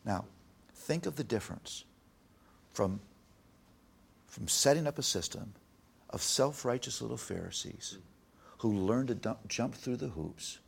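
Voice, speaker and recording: A middle-aged man speaking earnestly in an interview, preaching with emphasis and softly retelling conversations with his child. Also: mid-range voice, expressive, unhurried, creaky, long pauses, breathy edge. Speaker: guest, Christian author on parenting. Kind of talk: earnest interview talk with told anecdotes.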